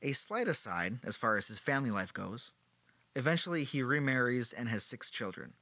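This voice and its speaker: A podcast host with a medium-pitched, sing-song, sharp voice speaks at normal speed on a dry recording. He tells a history story casually and playfully, tossing in sarcastic jokes.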